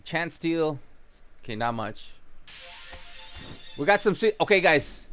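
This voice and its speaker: A man hosting a gaming livestream in casual chat, chatty and greeting viewers by name, his voice a bit rough from just waking up. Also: on the high side, very animated, takes it slowly, pauses often, fairly bright tone, faint music behind.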